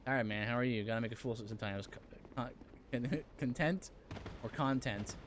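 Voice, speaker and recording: A man streaming a game live, talking loosely with his chat in a mid-range voice, with lots of ums and quick asides. A clear layer of noise sits behind his voice throughout. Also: mid-range voice, steady tone. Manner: chatty, reads and answers viewer chat, frequent fillers. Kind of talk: casual live-stream chat while playing.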